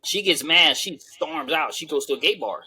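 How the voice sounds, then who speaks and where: A man's voice: on the high side, normal speed, pushed and bright, slightly rough, low-quality recording. A man co-hosting a podcast in casual chat, boasting and telling crude stories. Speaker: podcast co-host.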